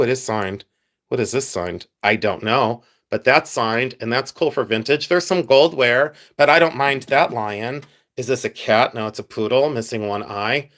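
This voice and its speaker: A man hosting a casual live stream, chatting with viewers, reading their comments and joking in a playful, self-mocking way. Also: medium pitch. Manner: chatty, animated, reads and answers chat. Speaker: livestream host sorting jewelry.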